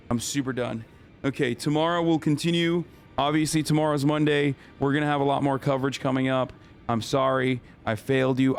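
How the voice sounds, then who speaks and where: Hoarse, swearing male streamer. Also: medium pitch. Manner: frustrated, swearing, stammering restarts. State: hoarse from screaming. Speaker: live streamer. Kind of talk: casual gaming stream chat.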